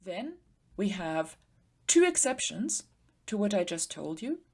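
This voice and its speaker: A woman teacher giving an explanatory grammar lecture, patiently slowing down to spell out word forms. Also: medium pitch, big pitch swings, husky. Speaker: Sanskrit teacher.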